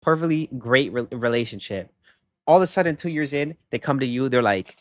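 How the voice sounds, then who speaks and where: Animated young male streamer ranting. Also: medium pitch, a little fast, no echo, clean studio sound. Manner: animated, rambling, emphatic, says "bro" and "okay?". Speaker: livestreamer. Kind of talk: casual livestream chat.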